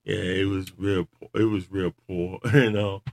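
A man with a fairly low voice chats casually and tells stories with lots of animation. He laughs often as he talks. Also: level tone, unhurried, a little mellow. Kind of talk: casual chat about wrestling.

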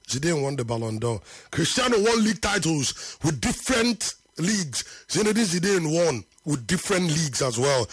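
A man argues football on a live talk show in a high, pressing voice. He hammers his points through repetition, sometimes sinking low and slow for weight. The sound is close and dry. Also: slightly rough, no room sound. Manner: emphatic, repeats points for effect, drops to low slow tones. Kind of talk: live football debate and reading viewer comments.

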